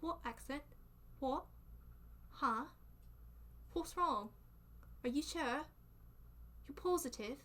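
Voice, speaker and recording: Brief: Southern woman faking a mock-innocent British lass, fairly high voice. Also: takes it slowly, long pauses, a bit bright. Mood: teasing. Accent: British English, put on. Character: prim, teasing young British woman.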